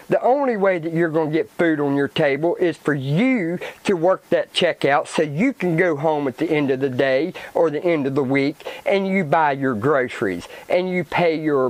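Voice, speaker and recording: A man vents on his own channel, angry and swearing freely. He talks slowly, and his fairly high voice swings widely as his temper flares. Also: dry recording, poor audio. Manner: swearing, agitated ranting with repetition. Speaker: channel host. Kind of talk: angry vlog rant.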